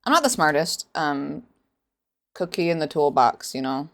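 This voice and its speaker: A woman's voice: sits low, very animated, moderate pace, vocal fry. Sarcastic woman reviewing a book. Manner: sarcastic, laughing, rambling with fillers. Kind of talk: casual reaction vlog.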